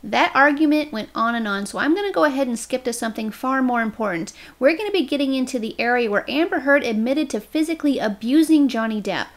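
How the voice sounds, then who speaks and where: A woman's voice: high-pitched, lively intonation, fast, hardly any pauses. Opinionated woman reading scripted commentary. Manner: opinionated, openly takes sides in her narration. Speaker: drama commentary YouTuber.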